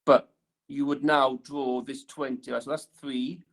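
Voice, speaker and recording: Gravelly-voiced male teacher at the board. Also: medium pitch, level tone, a little slow. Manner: talks while drawing on the board, lots of "right?" tag questions. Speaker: engineering teacher. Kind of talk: classroom lesson. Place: classroom.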